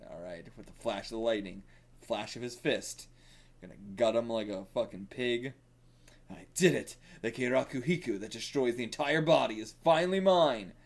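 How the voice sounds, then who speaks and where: A man giving casual reaction commentary while reading manga, excitable and thinking aloud, with frequent swearing. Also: medium pitch, moderate pace.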